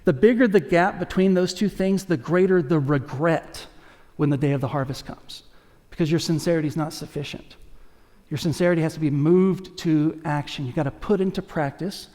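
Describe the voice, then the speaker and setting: A male pastor preaching in a lively, conversational way, tossing in jokes and asides to the people in front of him. His voice sits somewhat high for a man, and it carries through a big church with long reverb trailing behind it. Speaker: lead pastor. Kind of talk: sermon. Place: church sanctuary.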